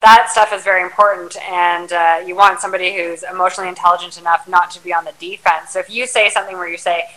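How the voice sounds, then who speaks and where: Bright-voiced woman giving advice. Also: fairly low pitch, steady tone, quick pace, few pauses, poor audio. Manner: reflective, advice-giving, frequent fillers. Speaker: podcast guest, charter yacht crew. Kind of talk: casual interview chat.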